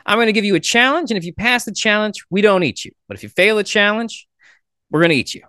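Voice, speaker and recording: Man voicing a cannibal king, lively delivery, dry sound. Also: high voice, quick pace, smooth, dry recording. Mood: bossy. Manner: casual, matter-of-fact commands. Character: bossy male cannibal king in a joke.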